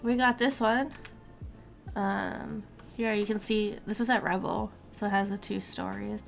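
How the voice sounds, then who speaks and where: Give me a chatty young woman streamer with a gravelly, fried voice, mid pitch, casual and rambling. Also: fairly even intonation, unhurried, soft background music. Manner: chatty, rambling, swears casually, talks to her cat and chat.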